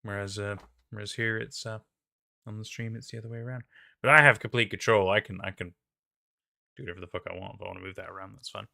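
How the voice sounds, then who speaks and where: A man hosting a livestream in casual chat on a headset, excitable and trailing off mid-sentence. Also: fairly low pitch, quick pace, vocal fry, no room sound, studio quality. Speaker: stream host.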